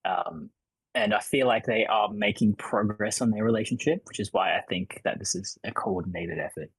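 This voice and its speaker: Man, husky voice, dry close sound, hedging, thoughtful podcast chat. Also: on the low side, normal speed, no room sound, poor audio. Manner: hedging, thoughtful, restarts with likes. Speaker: podcast panelist.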